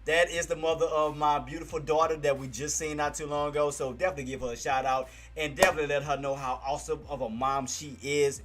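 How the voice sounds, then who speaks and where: A young man on a casual live stream, cheering market moves with loud excitement and turning soft and emotional. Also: medium pitch. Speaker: live streamer talking stocks. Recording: faint music behind.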